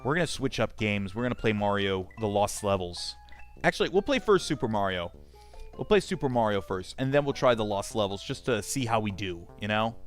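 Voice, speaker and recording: A man's voice: on the low side, lively intonation, a little fast, faint music behind. A man streaming a game, chatting casually and swearing often as he reads chat aloud and rambles. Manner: profane, rambling, talks to chat.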